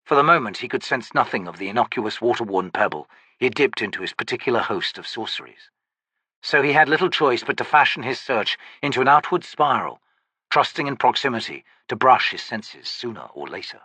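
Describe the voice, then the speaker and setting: This medium-pitched, slightly rough male voice narrates a fantasy audiobook with measured, expressive storytelling, captured in a dry recording.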